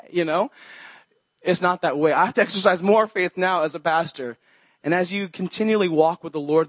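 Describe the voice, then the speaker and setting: A young male pastor preaches in an earnest, conversational manner and weaves scripture quotes into his talk. His voice sits a little high for a man, and the recording is dry and close. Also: no room sound. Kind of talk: sermon.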